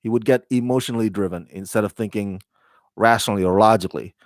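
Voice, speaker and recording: Hosting a casual spoken TV review, a man talks fast and rambles chattily, with fillers and self-corrections. His voice is fairly low, with no room sound in the recording.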